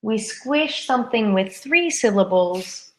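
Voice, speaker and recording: A woman teaching a live English lesson, saying words slowly and carefully and repeating them for learners. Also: fairly high pitch, expressive. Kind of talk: live-streamed grammar lesson.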